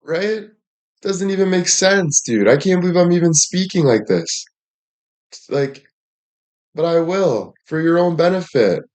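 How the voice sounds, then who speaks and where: A man's voice: on the high side, expressive, a little slow, long pauses, a little mellow. A man livestreaming and addressing his chat in a heated rant, frustrated, swearing often and repeating himself.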